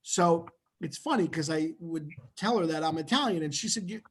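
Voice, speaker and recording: American guy guest, fairly high voice, just chatting easy about his family. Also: expressive, normal speed. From United States. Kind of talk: casual chat.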